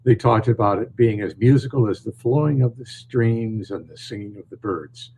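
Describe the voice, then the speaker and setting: An older man from northern New York, a storyteller answering interview questions in a calm, measured way. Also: lowish voice, slight background noise, poor audio. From northern New York, USA. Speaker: storyteller and author, guest. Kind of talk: podcast interview.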